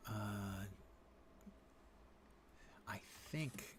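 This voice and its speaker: Male streamer on the lower side, laid-back gameplay commentary with wry self-talk, over audible background noise. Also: extremely slow, pauses often. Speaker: game streamer.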